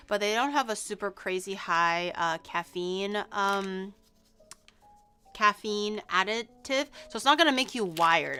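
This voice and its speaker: Bright, chatty young woman streamer. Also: mid-range voice. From Canada. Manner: chatty, excitable, swears casually, lots of "like". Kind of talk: casual live-stream food tasting.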